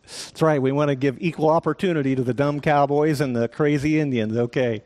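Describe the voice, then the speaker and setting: A male pastor preaching a sermon, telling an animated story with joking asides. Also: a little high, brisk.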